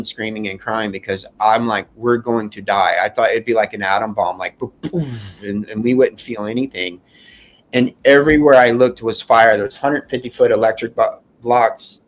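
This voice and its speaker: A man recounting his escape from a fire as an interview guest, in a halting, emphatic way with many fillers and restarts. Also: mid-range voice. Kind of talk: emotional first-person account.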